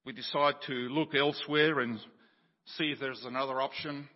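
A male preacher giving a sermon, telling a story and explaining scripture, dropping quieter and slower on key words. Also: mid-range voice, fairly even intonation. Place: church. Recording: dull sound with long church reverb.

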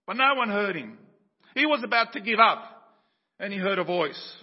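A male preacher giving a sermon, telling a story and explaining scripture, dropping quieter and slower on key words. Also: sits high, expressive, slightly rough. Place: church. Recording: dull sound with long church reverb.

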